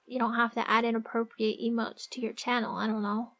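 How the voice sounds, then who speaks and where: A woman streamer chatting casually with her viewers, giggling often and thinking out loud as she works. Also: on the high side, flat delivery, fairly quick. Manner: chatty, giggly, thinks aloud while drawing. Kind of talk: casual livestream chat with viewers.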